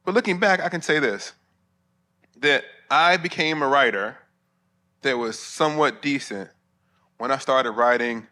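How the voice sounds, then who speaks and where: Middle-aged man, bright sharp tone, conference talk full of jokes and asides to the room. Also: medium pitch, measured pace, pauses often. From Alabama, US. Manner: humorous, conversational, with asides to the crowd. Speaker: preacher and theologian. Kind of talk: conference sermon. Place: conference hall before pastors.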